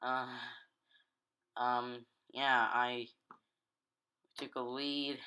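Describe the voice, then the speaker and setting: A man's voice: medium pitch, little pitch movement, bright, forceful tone, clear, resonant tone, poor audio. A gaming YouTuber talking casually over his basketball video game, rambling and correcting himself as he goes, a little tired. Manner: rambling, halting, self-correcting. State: tired, yawning.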